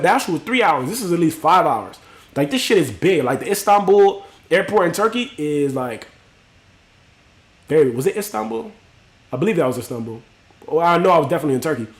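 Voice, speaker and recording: Animated, high-voiced male livestreamer. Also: echoey room. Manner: animated, profane, street slang. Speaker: livestream host. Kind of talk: casual storytelling to live chat.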